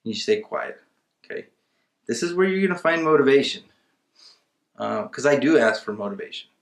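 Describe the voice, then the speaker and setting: A man's voice: mid-range voice, expressive, normal speed, vocal fry, roomy sound. A man teaching a casual webinar, talking emphatically and acting out bits of his calls with sellers. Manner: conversational, emphatic, acts out seller dialogue. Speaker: real estate investing instructor.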